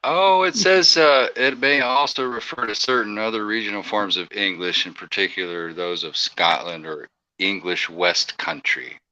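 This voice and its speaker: A man's voice: lowish voice, moderate pace, bright, forceful tone, highs cut off. A man chatting casually, joking and self-deprecating. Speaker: chat participant. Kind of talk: casual voice chat.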